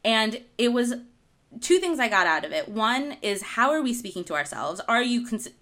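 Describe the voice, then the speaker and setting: Bright, animated woman telling a story. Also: a little high, moderate pace. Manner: animated, laughing through anecdotes. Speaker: author and guest speaker. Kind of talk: casual storytelling chat.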